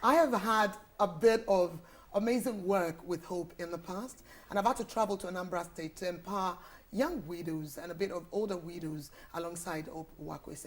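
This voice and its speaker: A woman's voice: on the low side, slight background noise. A woman hosting a TV panel, introducing and praising her guests effusively. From Nigeria. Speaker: TV show host.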